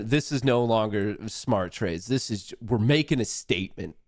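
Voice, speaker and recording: A young adult man hosting a live trading stream, talking to chat in a profane, excitable, trash-talking way. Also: lowish voice, moderate pace, hardly any pauses, no echo, clean studio sound. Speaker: livestream trading host.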